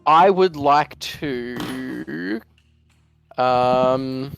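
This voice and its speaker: A man at a tabletop game talks slowly and haltingly, searching for his next move. His voice is gravelly but smooth and resonant, over faint music. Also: mid-range voice. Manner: hesitant, slow, fumbling for words. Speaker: player. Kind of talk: casual tabletop play.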